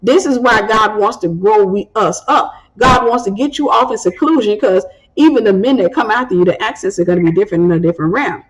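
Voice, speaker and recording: A woman's voice: medium pitch, a little fast, low-quality recording. A woman in her thirties, hosting and giving preaching-style advice, telling stories and acting out the voices she quotes. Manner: animated storytelling, acts out quoted voices. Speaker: host and ministry speaker.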